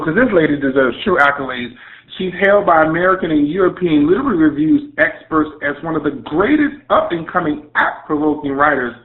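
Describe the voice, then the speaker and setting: A man's voice: fairly high pitch, animated, brisk. Effusive Southern man hosting radio. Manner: effusive, playful hype with Southern slang. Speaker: radio show host. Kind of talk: online radio interview introduction. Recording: tinny phone-line audio.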